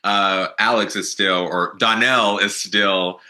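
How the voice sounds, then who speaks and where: Very deep-voiced, bright-toned male host. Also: fairly even intonation, slow pace. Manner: chatty, conversational interviewer. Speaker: podcast host. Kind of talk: podcast interview.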